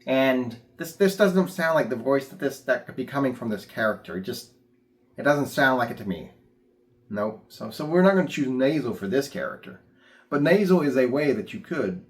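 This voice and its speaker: A man's voice: medium pitch, big pitch swings, moderate pace. Plainspoken man teaching puppet voices. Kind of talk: casual instructional talk.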